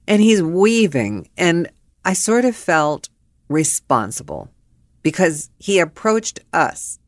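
A middle-aged woman hosting a podcast, telling stories in an animated, blunt way, laughing and swearing. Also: fairly low pitch, slow, no room sound. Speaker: podcast host. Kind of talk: storytelling monologue.

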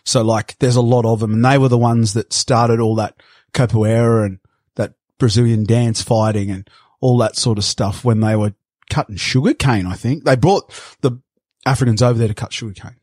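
A man's voice: medium pitch, steady tone, normal speed, a little mellow, dry recording, clean studio sound. Laughing man spinning yarns. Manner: laughing, rambling storyteller. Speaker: podcast guest. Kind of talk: casual interview chat.

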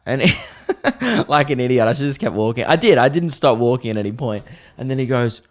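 An Australian man at an average pitch, spinning a comic story on his podcast. He talks in a lively, self-mocking way and jumps into voices of the people he describes. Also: a little fast. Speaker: podcast host, comedian.

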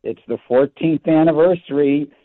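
An older man calling in to a talk radio show, friendly and halting as he recounts dates. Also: a little high. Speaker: caller. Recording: tinny phone line.

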